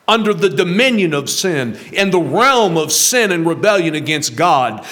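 A man's voice: a little high, sing-song, moderate pace, few pauses, fairly bright tone. A man preaching a sermon to his congregation, talking in a conversational way with rhetorical questions and a chuckle now and then. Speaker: pastor.

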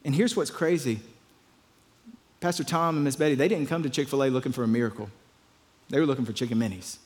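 A man's voice: mid-range voice, fast, big-room sound. A pastor telling a story in a conversational sermon, often repeating his words.

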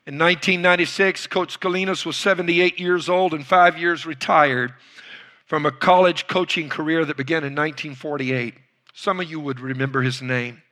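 A man preaching with a bright, ringing tone and a slightly high voice. He tells his story dramatically, swinging between loud bursts and near-hushed lines. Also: steady tone, normal speed. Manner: dramatic retelling with acted quotes, loud bursts and hushed drops. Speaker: pastor. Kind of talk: sermon storytelling.

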